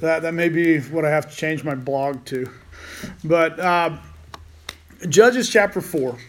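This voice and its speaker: A man's voice: fairly high pitch, steady tone, moderate pace. Rambling, joking man teaching the Bible.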